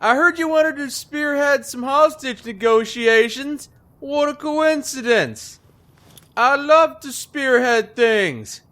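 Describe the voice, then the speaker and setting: A cocky male raider with a thick Brooklyn accent taunts and drags out his puns, as a game commentator puts him on. The voice sits high and jumps around a lot, bright and forward. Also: lively intonation, full character voice. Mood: taunting. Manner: punning, taunting, drawn-out delivery. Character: brash male raider gang member, jokey and cocky. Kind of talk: gameplay commentary role-play.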